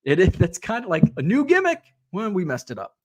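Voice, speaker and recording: A man's voice: high-pitched, huge pitch swings, fairly quick, a little mellow. Chatty man rambling through a live stream. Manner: rambling, reads viewer comments aloud with fillers. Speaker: livestream host reading chat. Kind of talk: casual livestream chat.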